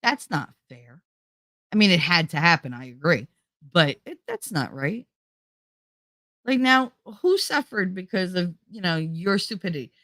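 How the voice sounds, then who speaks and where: A woman with a West Indian accent tells stories on her podcast in a casual, profane rush, often mimicking the people she complains about. Her pitch swings widely. The sound is dry and close, with no room around it. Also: unhurried, no echo. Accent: West Indian, thicker when angry. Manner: animated, profane, mocks others in put-on voices. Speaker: podcast host. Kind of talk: casual storytelling rant.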